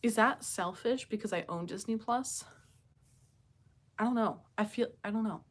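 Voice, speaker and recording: A woman's voice: medium pitch, normal speed. Chatty woman hosting a live chat. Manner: chatty, thinks aloud with fillers and questions to viewers. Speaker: livestream host chatting with viewers. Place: home with pets nearby.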